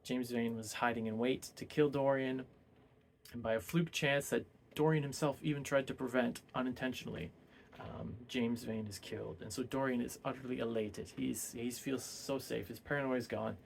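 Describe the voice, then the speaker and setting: A man's voice: medium pitch, steady tone, normal speed, creaky, a little hiss or hum. A man casually retelling a novel's plot as a book reviewer, rambling and full of hesitant fillers.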